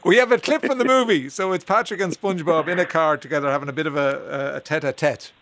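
A man hosts a radio chat in a somewhat high voice. He jokes, laughs often and trips over his words now and then. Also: fast talker, background noise. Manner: jokey, laughs often, stammers. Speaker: radio host. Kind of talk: casual radio interview.

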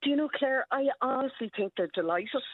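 A woman's voice: high voice, lively intonation, fairly quick, no room sound. Woman, Irish accent, eager explainer, laughs often, tinny phone line, dry sound. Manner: enthusiastic, explains words patiently, laughs often. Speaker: historian, interview guest. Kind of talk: radio interview over the phone.

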